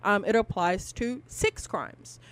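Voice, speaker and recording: A woman's voice: medium pitch, slow. A woman co-hosting a casual podcast, rambling, swearing freely and using lots of fillers. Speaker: podcast co-host.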